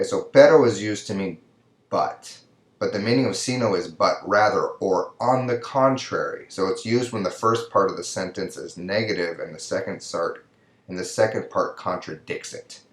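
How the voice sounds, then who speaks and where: Man, very low voice, patient lecturer, echoey room, recorded lesson. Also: normal speed, a bit bright. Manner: explains patiently, often checks with "right?". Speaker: Spanish teacher. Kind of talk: recorded lecture over slides.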